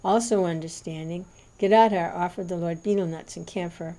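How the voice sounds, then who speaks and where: A woman reading a devotional scripture aloud in a measured, reverent narration. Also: lowish voice, steady tone, dark tone. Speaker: reader.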